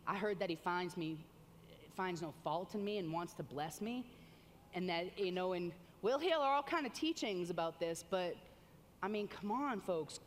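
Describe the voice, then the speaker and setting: A woman preaching a sermon with animated exclamations, reading scripture aloud between comments. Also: mid-range voice. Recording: long hall reverb.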